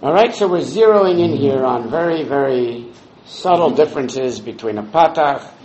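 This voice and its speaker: A man's voice: mid-range voice, animated, moderate pace, darkish tone, roomy sound, highs cut off. A man leading a Talmud study class, explaining the text step by step and quoting Hebrew and Aramaic phrases. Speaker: Talmud teacher.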